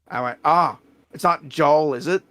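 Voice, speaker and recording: An Australian man hosting a stream, telling a story in a blunt, profane, animated way. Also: on the high side, a little slow, no echo. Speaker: streamer host. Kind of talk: casual storytelling chat.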